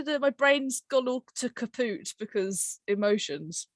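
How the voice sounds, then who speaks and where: A woman's voice: fairly high pitch, expressive, a little slow, dry recording. Giggly woman hosting a podcast. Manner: bubbly, giggly, rambling with many fillers. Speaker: podcast host and writer-director. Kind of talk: casual podcast chat.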